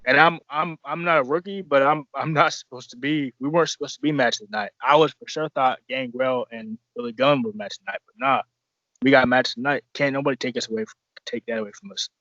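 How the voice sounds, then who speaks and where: Rambling wrestler guest, dull lo-fi sound. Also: male voice, mid-range voice, lively intonation, quick pace, sharp tone, no room sound. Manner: rambling, profane, restarts often. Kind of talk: casual podcast storytelling.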